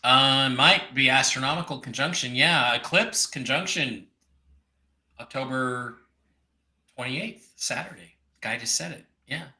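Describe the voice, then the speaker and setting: A man's voice: medium pitch, a little slow, bright, forceful tone, echoey room. A man co-hosting a live call-in show, reading viewer questions aloud and cracking jokes. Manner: jokey, reads out messages. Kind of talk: casual live show chat.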